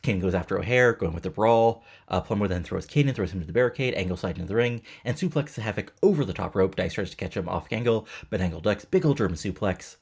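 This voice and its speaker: Rambling man with a gravelly voice. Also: lowish voice, fast, few pauses, darkish tone. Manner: rambling, loose, many fillers like you know and um. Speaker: game let's-player. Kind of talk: casual commentary over a wrestling booking sim.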